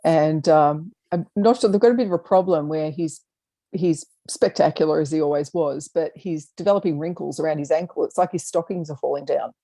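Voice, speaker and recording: A woman, chatting eagerly on a video call, with many pauses and fillers. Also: low voice, warm tone, no echo. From Australia. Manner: enthusiastic, halting, laughs often. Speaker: co-host. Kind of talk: casual chat on a video call.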